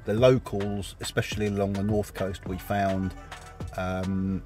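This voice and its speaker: A man's voice: sits low, level tone, unhurried, darkish tone, faint music behind. A man narrating a campervan travel vlog in a casual, wry, understated way. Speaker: vlogger. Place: campervan trip outdoors.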